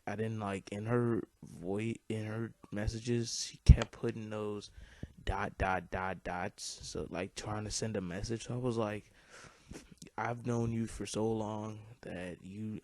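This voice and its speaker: A man's voice: on the low side, darkish tone, dry recording. A teenage boy telling a long personal story over gameplay, rambling, swearing freely and filling his talk with "like". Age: teens. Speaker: gaming commentator.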